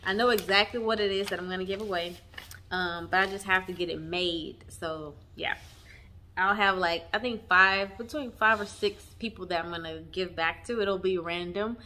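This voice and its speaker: Bright-voiced woman vlogging. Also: lowish voice, normal speed, slight background noise. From Texas. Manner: warm, chatty, addresses viewers as y'all; emotional, near tears at times. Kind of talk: casual chat. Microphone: camera mic on tripod.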